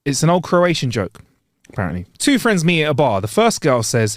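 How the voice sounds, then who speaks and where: A man's voice: fairly high pitch, sing-song, a little fast, dry recording, studio quality. A man co-hosting a comedy podcast, casual and giggly, rambling and stumbling over his words as he reads out listener jokes. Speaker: podcast co-host.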